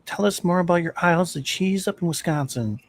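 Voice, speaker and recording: A man's voice: high-pitched, fairly quick. A man co-hosting a casual sports podcast, telling stories and teasing his friends in an easygoing way. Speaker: podcast co-host.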